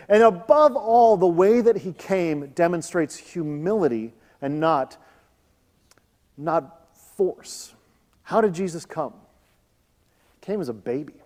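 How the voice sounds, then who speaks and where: A man in his thirties preaches in a church, his voice sitting fairly high. He moves between reading scripture and relaxed, joking talk with the congregation. Long reverb from the hall trails after his words. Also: unhurried, pauses often. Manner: conversational, joking asides. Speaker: pastor. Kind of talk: sermon.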